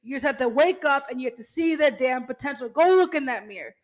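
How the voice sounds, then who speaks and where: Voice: sits high, animated, fast, low-quality recording. Emphatic motivational podcast host. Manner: emphatic pep talk, frequent "you know" and mild swearing; speaks straight to listeners as "y'all".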